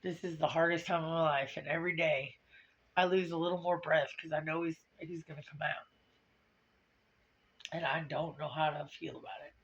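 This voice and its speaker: A tearful woman pours her heart out in a confessional vlog, blunt and profane as she rambles. Her voice is bright and strained. The sound is dull and lo-fi, as from a low-quality video. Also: fairly even intonation, normal speed. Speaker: vlogger.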